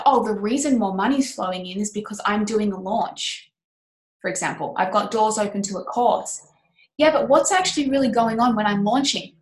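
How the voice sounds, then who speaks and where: A woman with a fairly high voice talks through her ideas with passion and emphasis, candid and now and then swearing. Her voice rings in an echoey room. It sounds like a casual podcast chat. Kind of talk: casual podcast chat about business and mindset.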